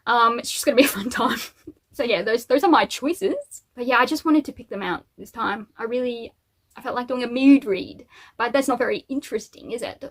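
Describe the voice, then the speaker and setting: A woman book vlogger chats casually and cheerfully about the books she plans to read, dropping in little asides and fillers. Her voice is fairly high and her delivery brisk.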